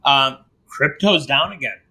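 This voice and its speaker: A man's voice: medium pitch, animated, a little slow, crowd noise, rough recording. A man hosting a casual podcast, joking and rambling as he teases his co-host.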